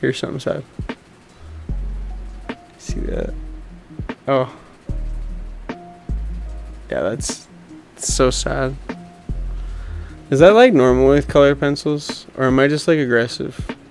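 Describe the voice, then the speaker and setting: A man's voice: mid-range voice, normal speed, creaky, soft background music. A man chatting casually while he draws, talking through his work in a chatty, self-mocking way and laughing often. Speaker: artist and video host. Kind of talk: casual chat while drawing.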